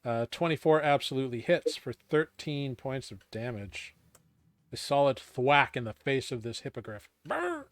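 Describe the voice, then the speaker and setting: A man narrating as game master of a tabletop game, relaxed with many fillers. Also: mid-range voice, normal speed, dry recording.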